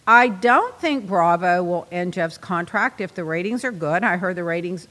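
Chatty woman podcast host, bright forceful voice, laughs a lot, long hall reverb around her. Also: fairly low pitch, normal speed. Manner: chatty, laughs often, lively storytelling. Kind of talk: casual chat. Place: podcast studio.

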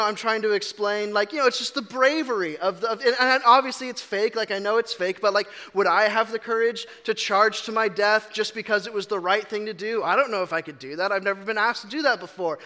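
A man's voice: high-pitched, sharp tone. A man giving a casual, storytelling sermon, chatty and self-deprecating, with frequent ums and restarts. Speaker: preacher. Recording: long reverb of a large hall.

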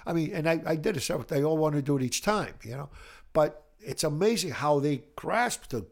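An older man from Italy with a light Italian accent, a music educator telling animated, rambling stories with many restarts in a casual interview. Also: a little high, a little fast. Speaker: music educator, podcast guest.

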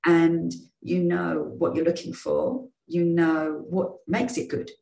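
A woman in her fifties from England, a former rugby player and sports journalist, telling lively anecdotes in a casual interview. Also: fairly low pitch, slow, gravelly, roomy sound, low-quality recording. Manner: lively storytelling with restarts.

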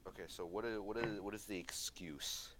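A man's voice: lowish voice, fairly even intonation, normal speed, noisy background. A young man co-hosting a casual podcast, exasperated and trying to keep things on track. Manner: exasperated, steers the talk. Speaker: podcast co-host. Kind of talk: casual chat.

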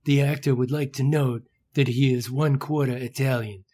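A man's voice: mid-range voice, fairly even intonation, normal speed, mellow, soft background music, close to an everyday voice. A man narrating a comedy sketch as its announcer, dry and matter-of-fact.

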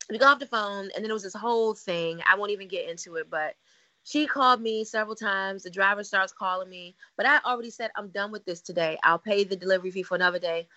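Quick-paced and pushed, her mid-range voice bright, a podcast co-host chats casually with friends and tells her story with energy. She takes on the voices of those she quotes, though the recording is somewhat dull.

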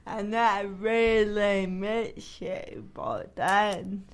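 A woman co-hosting a comedy podcast, with deliberate speech and dry humour. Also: mid-range voice, steady tone. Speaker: podcast co-host. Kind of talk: casual comedic chat.

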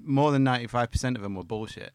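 Man telling an animated story. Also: racing, clear, resonant tone, dry recording. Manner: animated storyteller, sweary, pitch jumps when excited. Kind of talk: casual podcast banter.

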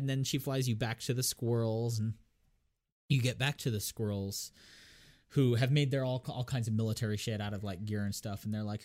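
Animated man retelling a video game. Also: mid-range voice. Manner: animated storyteller, acts out game characters in quick voices. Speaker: podcast co-host. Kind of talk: casual chat.

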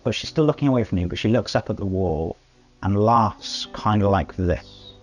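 A man's voice: lowish voice, moderate pace. A man narrating a tabletop game as game master, hesitant and dotted with fillers.

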